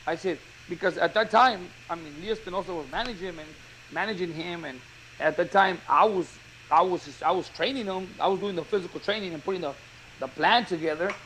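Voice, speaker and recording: A boxing coach telling a story in casual chat, acting out the quotes with energy. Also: male voice, high voice, a little fast, a little hiss or hum, rough recording. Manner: animated storyteller, acts out quotes.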